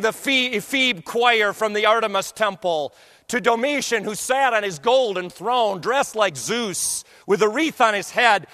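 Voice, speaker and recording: A man preaching, telling a vivid story that swings from hushed murmurs to loud declamation. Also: high voice, lively intonation, measured pace. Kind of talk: dramatic sermon storytelling.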